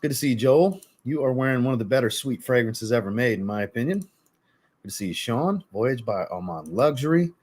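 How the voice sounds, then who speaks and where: A man's voice: medium pitch, expressive, brisk, a little mellow. A man hosting a fragrance livestream, greeting viewers by name, then ranting bluntly and profanely before apologizing. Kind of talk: casual livestream chat reading viewer comments.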